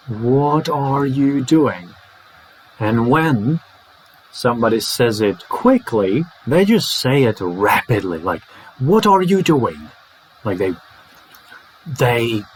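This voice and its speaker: A man with a Czech first language teaching English in a playful way, acting out phrases slowly and fast. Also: medium pitch, a little hiss or hum, rough recording. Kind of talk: English lesson to camera.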